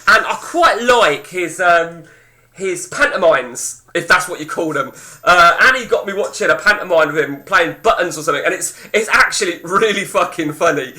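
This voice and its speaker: A man's voice: high-pitched, expressive, normal speed, bright, forceful tone. A man hosting casual gameplay commentary, chatting with viewers in a blunt, profane, ranting way. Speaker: host.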